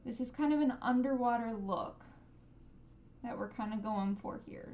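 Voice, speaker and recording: A woman streaming a live painting lesson, gently encouraging viewers and making playful sound effects as she paints. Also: on the high side, normal speed, lo-fi sound.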